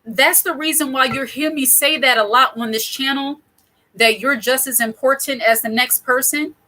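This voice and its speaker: A woman's voice: high voice, fairly even intonation, normal speed, sharp tone. A woman in her thirties hosting her own channel, talking to camera in a candid, chatty way with small laughs and self-corrections. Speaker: channel host. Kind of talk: casual talk to camera.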